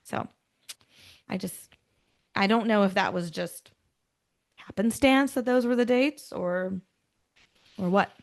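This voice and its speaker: A woman with a gravelly edge to her voice hosts a true-crime podcast. She reads dark storytelling passages and then drops into loose, chatty asides with her co-host. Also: medium pitch, takes it slowly, long pauses. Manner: switches between scripted storytelling and chatty asides. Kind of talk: casual true-crime chat mixed with read narration.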